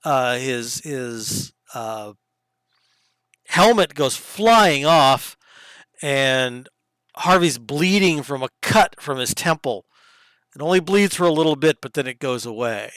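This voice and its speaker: Clear-voiced game master, dry sound. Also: male voice, mid-range voice, takes it slowly, no room sound, low-quality recording. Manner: lively descriptive narration with sudden hushed asides. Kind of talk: narrating a tabletop game.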